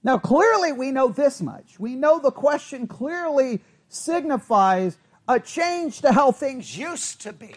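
Animated high-voiced male Bible teacher. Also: slow. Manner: animated, asks the class questions, self-correcting.

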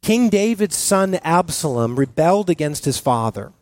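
A man preaching a sermon as pastor, earnest and halting, often restarting his sentences with fillers. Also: a little high, very animated, no room sound.

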